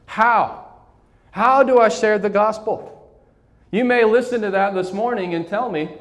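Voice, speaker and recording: High-voiced pastor preaching in a reverberant church. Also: male voice, measured pace, pauses often, a bit bright. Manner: call-and-response preaching, asks congregation to repeat. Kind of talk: sermon. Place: church sanctuary.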